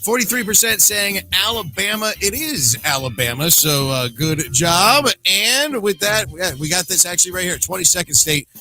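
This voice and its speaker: A man's voice: high voice, lively intonation, normal speed, few pauses, pushed and bright, faint music behind, low-quality recording. A man hosting a live trivia quiz stream, upbeat and jokey, announcing in a sing-song way.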